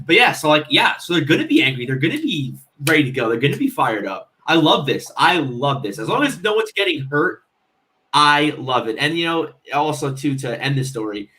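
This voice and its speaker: A man on a casual fan podcast panel, talking in an excitable way and repeating himself. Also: mid-range voice, brisk.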